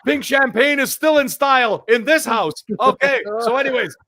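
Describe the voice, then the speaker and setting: A man voicing a brash, boozy Christmas roaster who mocks his co-hosts loudly. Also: very high-pitched, normal speed, no room sound, heavily acted. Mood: mock festive. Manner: loud, boastful, mocking. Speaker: podcast co-host. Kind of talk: comedic rant and parody song.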